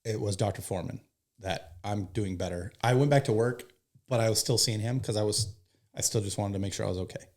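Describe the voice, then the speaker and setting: A man's voice: fairly low pitch, a little fast, darkish tone. An American man, a firefighter, telling a personal story in an earnest, emotional way and swearing casually. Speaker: firefighter guest.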